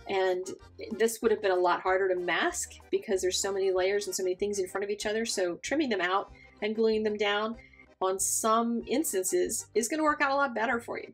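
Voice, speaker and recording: A woman's voice: mid-range voice, gravelly, slightly rough. A woman hosting a casual craft tutorial, talking through her steps with chatty asides. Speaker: crafting video host.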